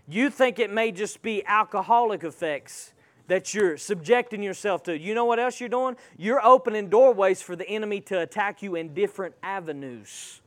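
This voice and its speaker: A man's voice: high-pitched, normal speed, a bit bright. A man preaching a sermon, emphatic and calling out to the congregation.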